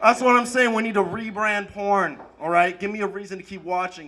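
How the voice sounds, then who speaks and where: A man doing a stand-up comedy set on a club stage, energetic delivery that rises to shouted punchlines. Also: sits high, brisk, few pauses, slight background noise. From Arab American.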